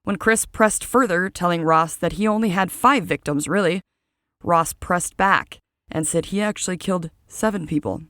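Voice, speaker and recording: A woman's voice: fairly low pitch, normal speed, fairly bright tone, no echo, studio quality. A woman hosting a true crime podcast, reading a script and adding casual personal asides.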